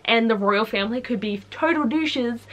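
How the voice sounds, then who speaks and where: A woman's voice: a little high, normal speed. A young woman gushing about a book in a casual review vlog, full of "like" and laughs. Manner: gushing and excitable, peppered with "like".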